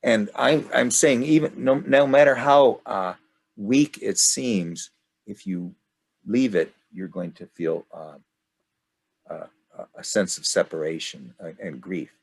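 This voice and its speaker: An older man leading a study group discussion, rambling and halting with many restarts. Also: lowish voice, creaky, husky.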